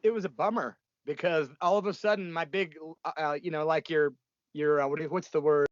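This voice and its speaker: Blunt, profane older rocker. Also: male voice, on the high side, steady tone, brisk, dry recording, highs cut off. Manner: blunt, profane, rambling with many fillers. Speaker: punk musician guest. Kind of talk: casual interview storytelling.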